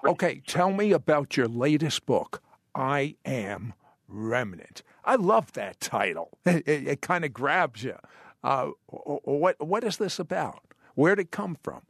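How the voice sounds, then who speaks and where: A man's voice: on the high side, big pitch swings, a little slow, creaky, no room sound, clean studio sound. A man hosting a faith radio interview, eager, with stammering starts and preachy asides. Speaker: radio host. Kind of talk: interviewing a guest.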